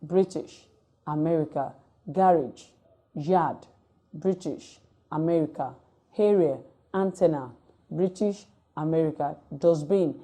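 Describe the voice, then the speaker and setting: A woman lecturer reading out word lists item by item in a measured, dictating way for a recorded distance-learning lecture. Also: sits low, mellow.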